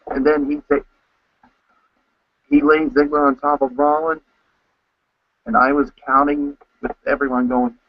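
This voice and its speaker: A man co-hosting a casual podcast recap, telling events with excitement and acting out his own reactions. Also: on the high side, normal speed, gravelly, long pauses, no room sound. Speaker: co-host. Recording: dull lo-fi, dry sound.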